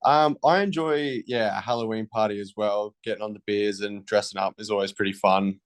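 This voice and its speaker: A man's voice: fairly low pitch, fairly even intonation, brisk, clean tone. A young man from a band, answering interview questions in a laid-back, slangy way. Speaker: band member. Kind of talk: casual interview chat.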